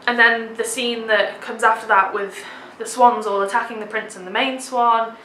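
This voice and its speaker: A woman's voice: a little high, steady tone, normal speed, sharp tone, reverberant, a little hiss or hum, low-quality recording. A young woman vlogging a theatre review, gushing with enthusiasm and dropping lots of "like"s. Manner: gushing, enthusiastic, many filler "like"s. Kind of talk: casual theatre review vlog.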